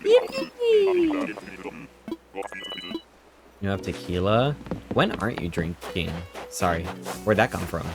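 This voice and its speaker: A woman with a strikingly deep voice chats and jokes with her viewers while streaming a game. Her talk is loose and playful as she reacts to chat, with game music playing clearly behind her. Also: lively intonation, moderate pace. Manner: joking, chatty, reacting to chat. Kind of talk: casual live-stream chat.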